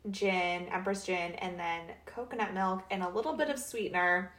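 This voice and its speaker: A woman in her late twenties co-hosting a podcast in casual chat, lively and giggly, saying "like" a lot. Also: on the low side, normal speed, echoey room. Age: late 20s. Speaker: podcast co-host.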